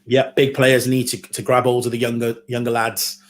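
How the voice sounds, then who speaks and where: Brief: male co-host from Wales, mid-pitched, wry teasing banter during a match. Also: flat delivery, moderate pace. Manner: teasing, rueful. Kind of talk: live football watchalong chat.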